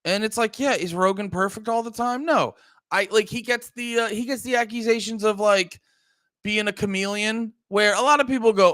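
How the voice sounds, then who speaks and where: A young man hosting a live stream rants in a loose, profane way, stumbling through restarts and slipping into mocking voices. His voice sits a bit high for a man. The sound is dry and close, with no room around it. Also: normal speed, no room sound. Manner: animated, profane, many restarts, mocking put-on quotes. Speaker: streamer and podcast host. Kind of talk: casual live-stream rant.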